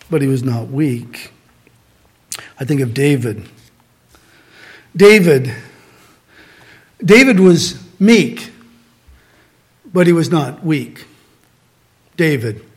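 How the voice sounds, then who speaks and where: A man from Southern California preaching a sermon in a conversational way, returning to repeated refrains and asking rhetorical questions. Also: on the high side. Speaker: pastor.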